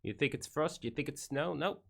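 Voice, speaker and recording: A man's voice: a little high, moderate pace, gravelly. An Australian man streaming casual commentary on memes, wry and rambling with joking asides.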